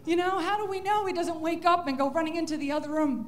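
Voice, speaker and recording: High-voiced, chatty woman comedian. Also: fairly even intonation. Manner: chatty, self-interrupting, quick to laugh. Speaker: stand-up comedian. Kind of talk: stand-up comedy set.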